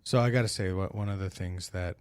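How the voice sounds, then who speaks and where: A low-pitched man co-hosting a casual podcast, stopping and restarting as he leads the talk. His voice is close and dry, with no room sound. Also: fairly even intonation, smooth, no echo. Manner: halting, many fillers and restarts, leads topics. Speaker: podcast co-host.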